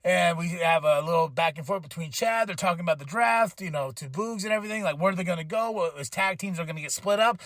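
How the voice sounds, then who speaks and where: A man's voice: sits high, fast, few pauses, no room sound, studio quality. A man hosting a podcast, giving a casual, rambling wrestling recap and acting out what people said. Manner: rambling, animated, acts out quotes. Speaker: podcast host.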